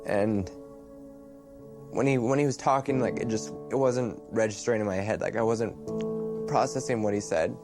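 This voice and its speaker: A young man recalling events in a documentary interview, halting and soft-spoken. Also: on the low side, music in the background.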